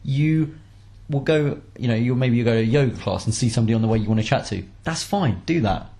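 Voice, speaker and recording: A man co-hosts a casual podcast, speaking in a relaxed, coaching tone. His mid-pitched voice has a noticeably gravelly, creaky texture. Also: quick pace. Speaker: podcast co-host.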